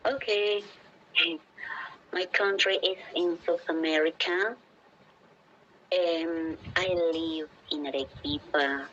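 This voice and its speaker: A young Peruvian woman with a Peruvian Spanish accent speaks slowly and tentatively, stopping often to find her English words. Her voice sits a little low for a woman. The video-call recording sounds slightly dull, with a faint hiss behind it. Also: fairly even intonation, fairly bright tone. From Peru. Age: 20s. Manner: hesitant, searching for words, asks for repeats. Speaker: teacher. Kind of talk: casual English practice conversation.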